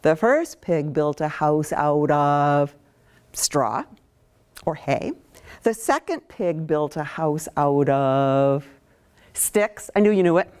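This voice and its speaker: A children's author from Maine, a woman, leads a lesson for little kids at an unhurried pace. Her voice sits on the lower side but swings widely in pitch as she coaxes them to join in. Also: clear, resonant tone. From Maine, USA. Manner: slow, expressive, coaxing the class to join in. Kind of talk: interactive lesson for young children.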